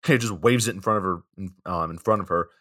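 A young man with a lowish, bright-edged voice recapping a film for a podcast. He summarizes in a laid-back way, with frequent fillers and wry asides. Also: quick pace. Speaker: podcast co-host recapping the plot. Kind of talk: casual movie recap.

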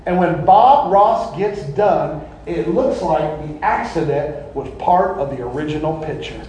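A man preaching a sermon in an animated, folksy way, often breaking into laughter. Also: a little high, unhurried. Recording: echoey room.

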